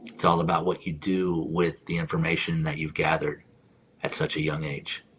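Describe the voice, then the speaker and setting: Stream host, deep low male voice, casual spiritual talk with quiet whispered prayers, slight background noise. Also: completely flat delivery, normal speed. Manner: reflective, drifts into soft whispered affirmations.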